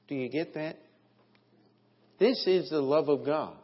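A man preaching a sermon as pastor, slow and deliberate, with emphatic swells in his delivery. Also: a little high, slightly rough. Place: church sanctuary. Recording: dull, lo-fi, long hall reverb.

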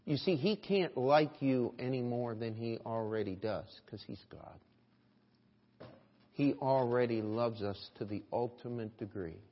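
Earnest pastor preaching in a reverberant hall. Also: male voice, medium pitch, normal speed, hardly any pauses. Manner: earnest, rhetorical questions, shifting between hushed and loud. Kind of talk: sermon. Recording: dull sound in a reverberant hall.

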